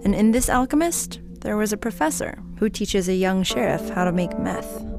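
A woman host narrating a radio documentary in a plain, measured way. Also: medium pitch, expressive, vocal fry, over music.

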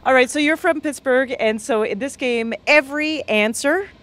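A woman's voice: high voice, normal speed, a bit bright. A woman from Canada hosting a radio quiz show, asking chatty, playful questions.

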